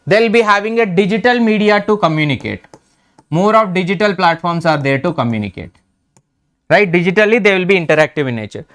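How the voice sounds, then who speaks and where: A man's voice: high-pitched, fairly bright tone, clean tone. A man teaching an exam revision lecture in Indian English, repeating key terms and checking in with "right?".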